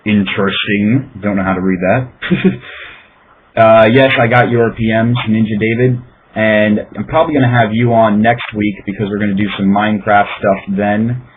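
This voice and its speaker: A man hosting a casual podcast, rambling and self-deprecating, recorded on a tinny, phone-like line with faint hiss. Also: on the low side. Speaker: podcast host. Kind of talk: casual chat.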